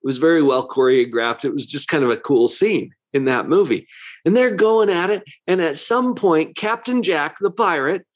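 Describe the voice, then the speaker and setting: A man's voice: on the high side, normal speed. A man who works as a psychologist giving a motivational talk, full of rhetorical questions, with a conversational and emphatic manner.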